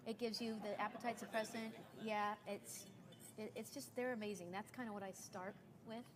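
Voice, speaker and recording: A woman's voice: mid-range voice, steady tone, normal speed, crowd noise. A woman in her forties chatting casually as a recruiter sharing sales tips, telling stories and acting out the dialogue she quotes. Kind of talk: casual chat.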